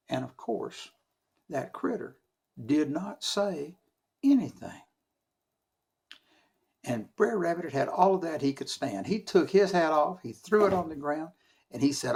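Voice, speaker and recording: A man telling a folk tale for children in a lively, dramatic way, with shouted sound effects and slow hushed stretches. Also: sits high, creaky, husky. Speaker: storyteller.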